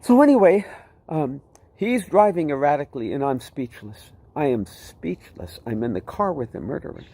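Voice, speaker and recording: Man, fairly high voice, lively storytelling testimony. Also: normal speed, husky, no room sound. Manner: vivid, animated, repeats himself. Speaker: testimony speaker.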